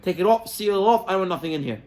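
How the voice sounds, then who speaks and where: A man playing a wealthy landowner who barks brisk orders at his servant. His voice sits fairly high and his manner is impatient and instructing. It is a plain, light sketch within a spoken parable. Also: lively intonation, darkish tone. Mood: bossy. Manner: bossy, instructing commands. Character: rich, exasperated older male estate owner.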